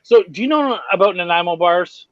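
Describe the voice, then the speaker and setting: A Canadian man hosting a casual podcast chat, excitable and swearing freely as he talks. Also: high voice, fairly quick, dry recording, highs cut off. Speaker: podcast host.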